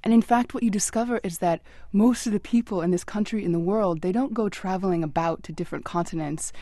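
A woman's voice: medium pitch, quick pace, warm tone, no echo. A woman who researches dialects, speaking as a guest on a radio talk show in an articulate, lecturing way.

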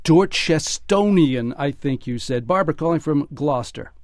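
A fairly high-voiced man hosts a call-in radio talk show. He is brisk and wry, and he keeps the conversation moving. The sound is dry and close to the mic. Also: lively intonation, dry recording. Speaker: radio host.

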